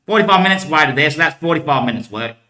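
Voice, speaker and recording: A man's voice: a little high, animated, fast, pushed and bright. A man talking in a long rambling monologue, laughing between thoughts. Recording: echoey room.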